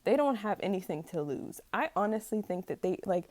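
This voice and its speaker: A woman's voice: mid-range voice, animated, fairly quick, a little mellow, no room sound. Exasperated young woman ranting to camera. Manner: rambling, exasperated, stumbles over words and laughs at herself. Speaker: vlogger. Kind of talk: casual rant to camera.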